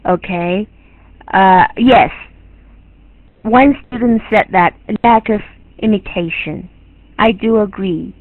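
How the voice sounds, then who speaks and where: A woman's voice: medium pitch, slow pace, pauses often, no room sound. A woman teaching a class, lecturing emphatically and repeating her key points. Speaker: English teacher. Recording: tinny lo-fi, phone-like recording.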